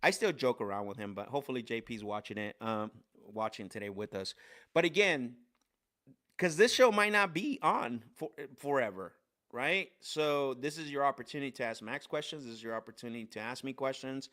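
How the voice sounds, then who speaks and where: A man's voice: medium pitch, fairly quick, a bit bright. A man hosting a live sales coaching stream, telling stories with lots of energy, restarts and fillers.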